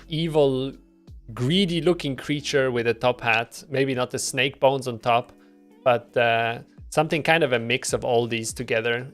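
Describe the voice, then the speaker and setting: Man, mid-pitched, rambling casual devlog chat, filler-heavy, self-deprecating, faint music behind. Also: fairly bright tone. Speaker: indie game developer streaming. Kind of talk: casual devlog stream talk.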